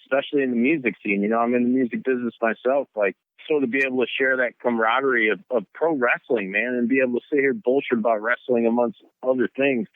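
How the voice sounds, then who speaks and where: A man's voice: medium pitch, fast talker, few pauses, no room sound, narrow, tinny audio. A man hosting a podcast, chatting enthusiastically and swearing often. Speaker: podcast host. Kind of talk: casual chat.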